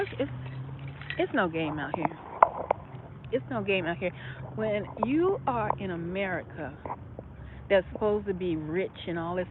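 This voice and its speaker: A woman talking to her followers on a phone vlog while shopping in a store, rambling and repeating herself as she thinks aloud. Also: medium pitch. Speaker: vlogger. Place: inside a store. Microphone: phone held while walking. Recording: tinny phone audio in a noisy store.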